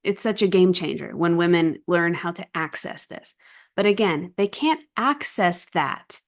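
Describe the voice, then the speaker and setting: A woman's voice: lowish voice, lively intonation, measured pace. A woman in her thirties talking earnestly to camera as a relationship coach, emphatic and often checking in with "right?". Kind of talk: casual monologue to camera.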